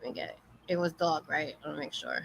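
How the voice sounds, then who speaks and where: A woman's voice: deep voice, huge pitch swings, quick pace, vocal fry, very noisy. A woman hosting a casual interview, upbeat and encouraging, with plenty of slang. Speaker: interview host. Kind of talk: casual chat.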